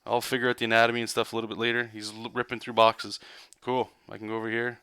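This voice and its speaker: Casting: male comic artist, bright, dry voice, excitable and loose, rambling casual drawing lesson. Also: medium pitch, quick pace, clear, resonant tone, no echo. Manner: loose, rambling, checks in with "right?" and "okay?".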